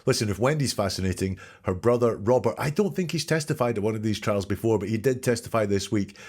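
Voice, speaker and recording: A man's voice: lowish voice, expressive, fast, darkish tone. A man hosting a podcast, analyzing courtroom testimony in an emphatic commentary style and asking rhetorical questions. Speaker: podcast host.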